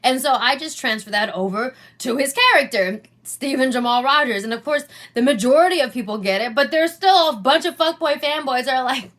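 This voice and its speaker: High-voiced woman going off on a sweary rant, sharp bright tone, fed up. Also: brisk, few pauses. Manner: exasperated, profane, animated ranting. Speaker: comedian and sketch creator. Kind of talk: profane rant vlog.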